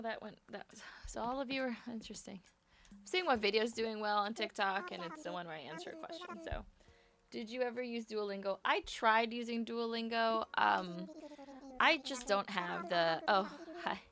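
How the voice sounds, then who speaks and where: A young woman live-streaming, chatting to her viewers while she plays a game. She rambles, leaning on fillers and restarting her sentences. Clear crowd sounds run behind her voice. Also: mid-range voice. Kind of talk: casual live-stream chat.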